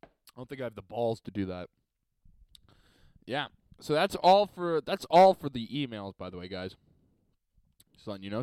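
A man's voice: medium pitch, very animated, moderate pace, pauses often, smooth, no room sound. A man hosting a podcast alone, telling a story in a rambling, profane way and laughing at his own tale. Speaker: podcast host. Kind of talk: casual solo podcast storytelling.

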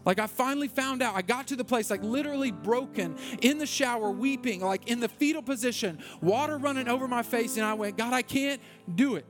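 Earnest high-voiced man preaching. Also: a little fast, few pauses, soft background music. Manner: earnest, repetitive, rising to passionate intensity. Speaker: pastor. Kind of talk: sermon.

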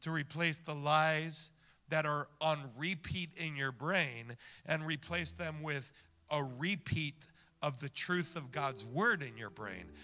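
A male pastor preaching to his congregation in a high, very bright, ringing voice. He repeats a line again and again, going from a shout down to a hush. Now and then he turns to the room with a quick question. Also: faint music behind. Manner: repeats lines over and over, swinging from loud shouts to hushed whispers; talks straight to the congregation with quick asides and questions. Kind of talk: sermon.

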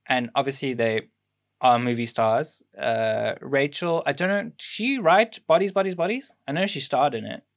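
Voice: mid-range voice, normal speed. A young adult podcast co-host chatting casually about a film, rambling through production facts with lots of ums and restarts. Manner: rambling, fact-sharing with many ums and restarts. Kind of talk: casual film review chat.

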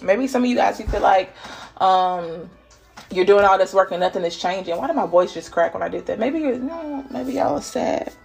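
A woman giving a casual spiritual reading, playful and laughing, dropping to whispers and jumping to loud bursts. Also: mid-range voice, animated, normal speed, creaky, faint music behind. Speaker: spiritual reader channeling messages. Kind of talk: casual intuitive reading monologue.

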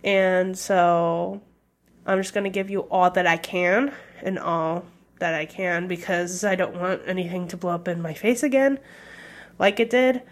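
A woman's voice: fairly low pitch, steady tone, a little slow. A young woman hosting her own podcast in casual solo talk, hesitant and candid, with many fillers. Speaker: podcast host.

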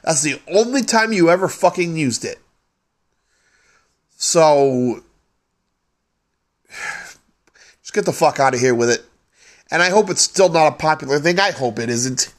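A man hosts his own podcast and rants about everyday annoyances, swearing freely and sounding exasperated. His voice sits a little higher than most men's. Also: animated, unhurried, pauses often. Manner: profane, exasperated ranting. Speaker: podcast host. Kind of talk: solo ranting podcast.

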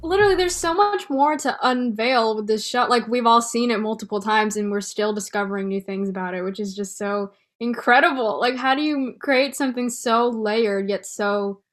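A young woman with a slightly high voice co-hosts a podcast. She talks casually and effusively, piling on praise. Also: moderate pace, hardly any pauses. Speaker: podcast co-host. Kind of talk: casual chat.

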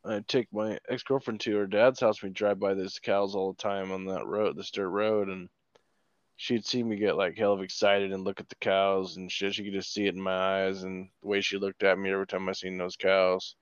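A man's voice: low-pitched, level tone, normal speed, clean tone, no room sound, dull audio. A man joking crudely and trading stories in a casual podcast chat. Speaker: podcast co-host.

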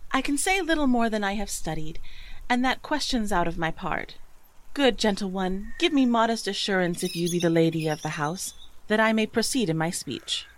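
An actress playing a young envoy in disguise in Elizabethan stage style, earnest and courtly. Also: female voice, mid-range voice, expressive, normal speed, a little hiss or hum, close to an everyday voice, low-quality recording.

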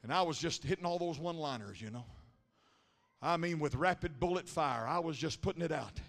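Bright-voiced Pentecostal preacher in a reverberant hall. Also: male voice, a little high, brisk. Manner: rhythmic preaching, swells from storytelling murmur to shouting and chanting; punctuates lines with a breathy "huh". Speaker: pastor. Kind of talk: Pentecostal sermon. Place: large church sanctuary. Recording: live sermon with long hall reverb.

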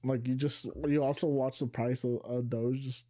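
A man's voice: medium pitch, flat delivery, moderate pace, warm tone. A man co-hosting a podcast, chatting casually, swearing freely and bringing up each new topic. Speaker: podcast co-host. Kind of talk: casual chat.

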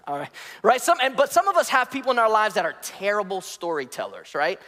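A high-pitched man preaches in a church auditorium, with long echoes trailing his words through the hall. He is from the DC area and keeps things playful, teasing the congregation and joking between points. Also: big pitch swings, brisk, pushed and bright. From DC area, United States. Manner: playful, joking, acts out voices in anecdotes. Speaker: guest preacher. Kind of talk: sermon.

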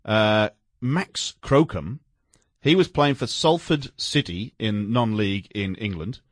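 A man's voice: on the low side, slow, no room sound, studio quality. A man co-hosting a sports radio show, chatting casually and reading out news stories with amusement. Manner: animated, laughs while reading stories aloud.

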